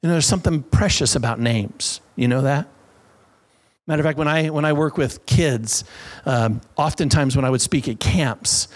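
A man preaching a sermon as a pastor, telling stories with lively acted-out voices and breathy sounds. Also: mid-range voice. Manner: animated storytelling, acts out voices and breathy sounds.

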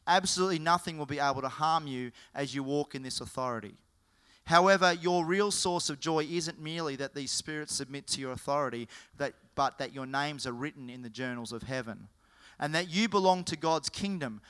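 Bright, clear-voiced male preacher. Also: fairly high pitch, fairly quick. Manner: storytelling with acted-out quotes. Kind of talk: sermon.

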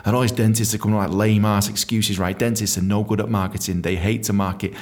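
A man hosting a storytelling podcast, animated, swearing freely and acting out quotes. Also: fairly low pitch, fast. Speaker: podcast host.

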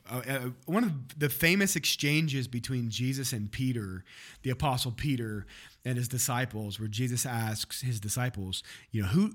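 A man's voice: mid-range voice, a bit bright. Guy pastor talking through a sermon recap, loose and chatty, mid voice. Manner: conversational, with restarts and light laughs. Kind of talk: casual podcast chat about a sermon.

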